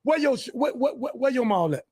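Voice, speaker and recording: A man hosting a podcast, delivering a fiery, profane, preachy monologue and breaking into shouts. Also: very high-pitched, expressive, a little fast, slightly rough. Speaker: podcast host. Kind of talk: heated monologue.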